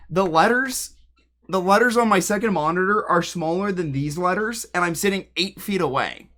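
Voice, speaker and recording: Chatty, higher-voiced male streamer. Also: moderate pace, sharp tone. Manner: rambling, joking, talks straight to chat; drifts away from the mic while moving around. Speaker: livestreamer. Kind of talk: casual livestream chat. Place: home room with a piano.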